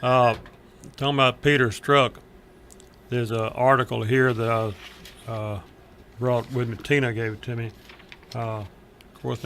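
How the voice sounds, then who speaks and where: Gravelly radio host, sharp tone, faint hum behind, folksy and opinionated. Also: male voice, mid-range voice, poor audio. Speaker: radio talk show host. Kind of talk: talk radio hosting.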